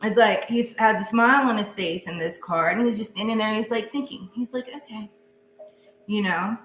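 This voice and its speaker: A woman's voice: medium pitch, fairly quick, a bit bright. A woman giving a casual live tarot reading, chatty and goofy, laughing often. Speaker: tarot reader. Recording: echoey room with faint hum.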